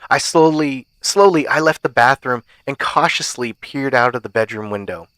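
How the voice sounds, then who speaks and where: A man's voice: medium pitch, a bit bright, no echo. Man reading a horror story, dry sound. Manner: measured, suspenseful first-person telling. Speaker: podcast host and narrator.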